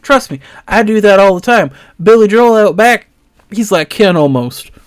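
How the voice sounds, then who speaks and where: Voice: medium pitch, animated, moderate pace, smooth, pitched above the performer's own voice, natural voice. A game master voicing a cheerful, folksy female creature who runs the stables and talks in a country drawl. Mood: teasing. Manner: drawling country talk, affectionate. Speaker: stable keeper.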